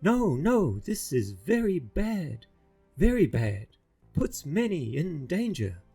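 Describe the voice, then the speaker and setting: A man's voice: a little high, very animated, slow, warm tone, breathy edge, soft background music, voice pushed up, full character voice. A man doing a fretful old tinker with broken speech.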